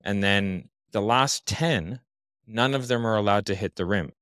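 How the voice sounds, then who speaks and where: A man's voice: lowish voice, unhurried, fairly bright tone, clean tone, no echo. A man giving casual interview talk as a podcast guest, confident and blunt, explaining with examples.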